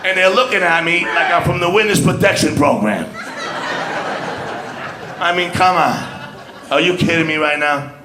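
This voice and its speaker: A man's voice: a little high, moderate pace, pauses often, background noise. A man with a New York accent doing a stand-up set, brash and streetwise, punctuating lines with "man". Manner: brash, streetwise, punchy delivery with frequent "man". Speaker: stand-up comedian. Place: comedy club stage. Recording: echoey club with loud crowd laughter.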